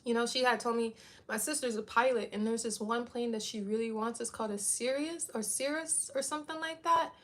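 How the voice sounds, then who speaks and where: This thirtysomething vlogger has a high voice and a brisk pace. She rambles casually to her viewers, leaning hard on the word "like."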